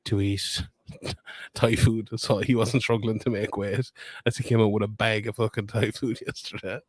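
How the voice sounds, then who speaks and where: A man's voice: on the low side, level tone, normal speed, slightly rough, no room sound. A young man with a Limerick Irish accent, rambling and laughing as he hosts a casual live stream from a fight weigh-in. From Ireland. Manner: rambling, chatty, laughs often. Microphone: phone camera.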